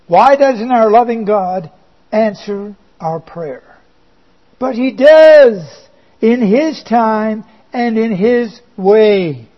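A man preaching a sermon in a slow, emphatic way, with dry asides. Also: high voice. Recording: dull lo-fi recording.

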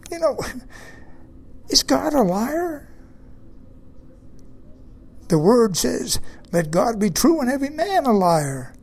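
A man's voice: sits high, gravelly, darkish tone, breathy edge. A man preaching a sermon, emphatic, repeating key phrases and putting questions to his listeners.

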